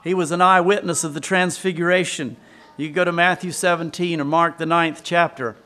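A man's voice: fairly high pitch, fairly even intonation, normal speed, pushed and bright. A man preaching a sermon, retelling scripture as a story and asking the congregation questions.

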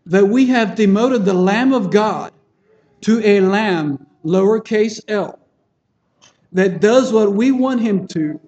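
Earnest high-voiced male preacher, lo-fi. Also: a little mellow. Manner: earnest, plain-spoken, with frequent restarts and checking-in questions. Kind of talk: sermon. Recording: dull lo-fi sermon recording.

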